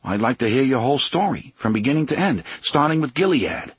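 A man's voice: medium pitch, sing-song, brisk, slightly rough, dry recording, pitched above the performer's own voice. A man voicing a blunt young man who presses with sarcastic questions in a raised voice. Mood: pressing.

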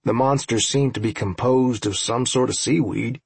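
Gravelly man narrating dryly. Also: mid-range voice, steady tone, normal speed, no echo. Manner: dry, wry, profane storytelling. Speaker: audiobook narrator. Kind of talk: first-person audiobook narration.

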